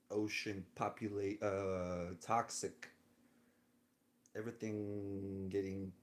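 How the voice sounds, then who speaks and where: A man's voice: fairly low pitch, a bit bright. A man vlogging a rambling personal monologue, musing and drifting between thoughts with frequent chuckles, lying in bed indoors.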